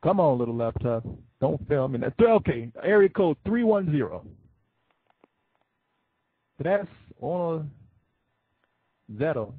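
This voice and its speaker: A man hosting a call-in show, chatting casually with callers in an excitable, joking way. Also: fairly high pitch, takes it slowly, long pauses, breathy edge, dry recording, narrow, tinny audio.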